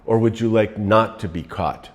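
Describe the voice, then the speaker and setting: A man voicing a smooth, obliging male casino host in an afterlife story, speaking softly and politely. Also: on the low side, normal speed, close to an everyday voice.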